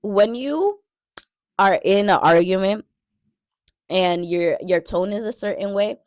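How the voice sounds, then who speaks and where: A woman's voice: mid-range voice, slow pace, a little mellow, dry recording, clean studio sound. A young woman giving casual Christian dating advice, earnest and repeating key phrases for emphasis.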